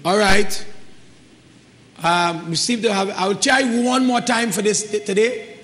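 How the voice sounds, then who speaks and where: A man's voice: high voice, unhurried, sharp tone. A man with a Trinidadian accent hosting a live call-in talk show, encouraging and repeating himself. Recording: reverberant studio sound.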